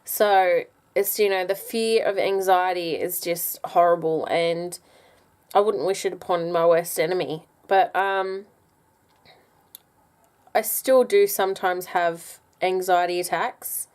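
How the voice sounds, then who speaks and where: A woman's voice: lowish voice, fairly even intonation, slow pace, a little mellow, clean tone. A young woman, talking casually and candidly to camera in a personal vlog, with lots of ums and restarts. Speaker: vlogger.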